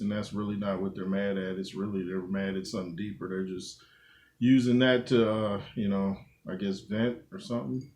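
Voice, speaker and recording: A man from Southern California co-hosts a casual chat with a fairly low voice. He talks in a laid-back, rambling way, trailing off into fillers as he thinks aloud. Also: flat delivery, brisk, darkish tone, slight background noise. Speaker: podcast co-host.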